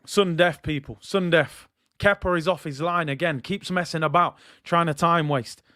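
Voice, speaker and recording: High-voiced man commentating excitedly. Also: normal speed, no room sound, clean studio sound. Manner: excitable, shouts and jumps in pitch at each goal, addresses viewers as "people". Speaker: watch-along host commentating on a penalty shootout. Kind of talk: live football commentary.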